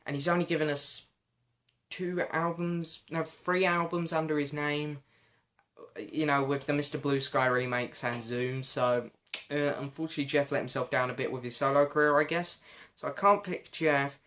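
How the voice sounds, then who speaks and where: A young man, hoarse because his voice is going, chatting and apologizing as he answers viewer questions in a casual vlog. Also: a little high, fairly even intonation, normal speed, a bit bright. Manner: chatty, self-deprecating, often apologetic.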